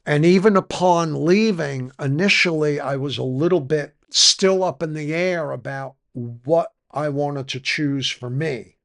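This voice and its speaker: A man's voice: fairly high pitch, a little slow, vocal fry, few pauses, a bit bright. An older man, telling his personal recovery story frankly in a conversational interview. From New York. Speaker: podcast guest.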